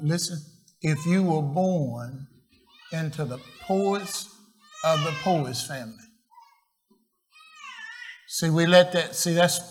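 A man preaching a sermon, quizzing the congregation with questions and often restarting his phrases. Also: fairly high pitch. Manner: call-and-response questions to the congregation; slow, halting, repeats and restarts phrases. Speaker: pastor.

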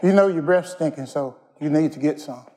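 A man's voice: on the high side, a little fast, warm tone. A man preaching a sermon as pastor, telling plainspoken stories in everyday slang and asking the congregation to call back answers. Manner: folksy, call-and-response preaching.

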